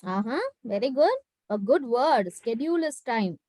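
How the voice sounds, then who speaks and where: A woman teacher telling a story in an animated way to students on a video call, acting out the characters and often saying "like". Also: fairly high pitch, normal speed, background noise. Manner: frequent "like" fillers.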